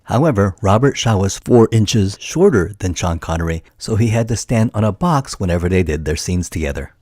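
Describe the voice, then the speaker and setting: A man narrating a film documentary in a steady, enthusiastic storytelling manner. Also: deep voice, normal speed. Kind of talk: scripted narration.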